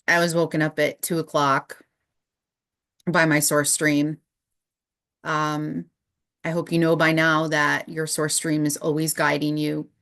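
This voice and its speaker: A woman in her thirties telling a personal spiritual story, thoughtful and full of pauses. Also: low-pitched, gravelly, a bit bright. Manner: thoughtful, with many pauses and fillers. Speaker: spiritual channel host. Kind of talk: reflective personal monologue.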